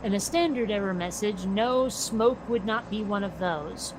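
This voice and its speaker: An American woman co-hosting a casual chat, blunt and quick to swear. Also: mid-range voice, lively intonation. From United States. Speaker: podcast co-host. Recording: noisy background.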